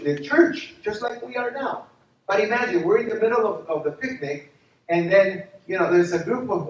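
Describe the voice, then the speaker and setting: Animated pastor, echoey distant hall sound. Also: male voice, high-pitched, dull audio. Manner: animated, laughs through his stories. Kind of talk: storytelling sermon.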